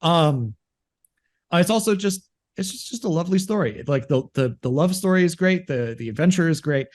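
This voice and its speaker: This podcast co-host is a man whose voice sits on the high side, speaking at an ordinary pace. He rambles through casual conversation, restarting often and animatedly performing quotes from movies.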